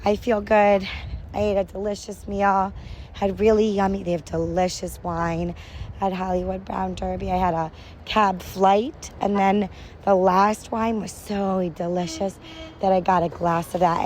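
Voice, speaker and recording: A woman's voice: mid-range voice, level tone, normal speed, a little mellow, a little hiss or hum. A woman in her thirties chatting on the go about a family park day, upbeat and rambling with self-corrections, sometimes out of breath from walking. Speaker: podcast host vlogging a family park trip. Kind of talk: casual on-the-go audio diary. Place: outdoors at a theme park, walking.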